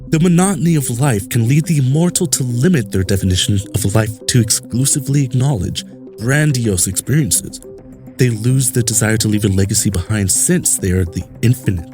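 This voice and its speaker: Rambling, jokey male podcast host. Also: mid-range voice. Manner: rambling, crude and jokey, slipping into silly voices and laughs. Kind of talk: comedic podcast monologue.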